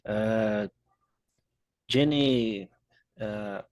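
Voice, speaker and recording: A Brazilian man, a Portuguese speaker, answering as a student in an English lesson, slow and unsure, repeating words. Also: on the low side, darkish tone, no echo, highs cut off.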